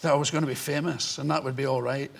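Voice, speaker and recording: A Scottish man in his sixties, a comedian telling animated anecdotes in an interview and acting out the voices in them. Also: mid-range voice, fast, vocal fry. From Scotland. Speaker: comedian guest.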